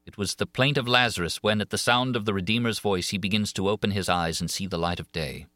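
A man's voice: on the low side, quick pace, bright, forceful tone, dry recording, clean studio sound. A man reading an audiobook of a classic novel, voicing a haunted, pleading young woman singer with emotive swings of feeling. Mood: haunted recounting. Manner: emotive, rising and falling with feeling.

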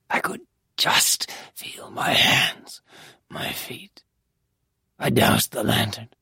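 Whispered role-play, reader doing a haunted guy, raspy breathy whisper, goes up and down a lot, slow. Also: mid-range voice, no room sound, full character voice. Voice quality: husky, gravelly whisper. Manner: halting, hushed, grave. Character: haunted young male captive, broken and guilt-ridden.

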